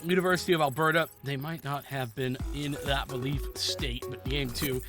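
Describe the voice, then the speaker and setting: A man commentating a live esports match, calling the action excitedly and giving analysis. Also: mid-range voice, music in the background. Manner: quick, excitable call of the action. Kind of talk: live play-by-play and colour commentary.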